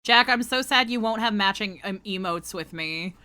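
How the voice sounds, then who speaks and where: A woman's voice: mid-range voice, normal speed, pushed and bright, smooth. A woman streamer chatting casually with her viewers while she draws, playful, flirty and crude. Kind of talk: casual livestream chat while drawing.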